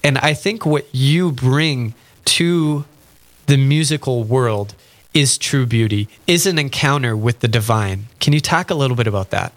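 A man interviewing a guest, asking a question slowly and earnestly. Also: mid-range voice.

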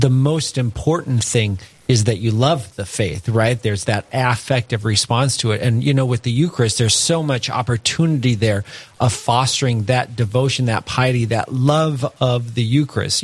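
Earnest priest, dry close sound. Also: male voice, mid-range voice, no echo. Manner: earnest, reflective, tells stories with many "you know" asides. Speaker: Catholic priest. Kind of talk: conversational faith discussion.

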